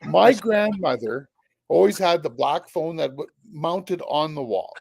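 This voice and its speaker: A man from Quebec chatting casually on a livestream with dry, deadpan humor. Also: fairly high pitch, measured pace, creaky, breathy edge, dry recording. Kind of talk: casual chat.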